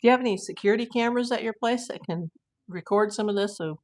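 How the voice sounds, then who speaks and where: A woman's voice: mid-range voice, quick pace. A woman hosting a casual live stream, telling rambling anecdotes and laughing often. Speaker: host of a live YouTube channel.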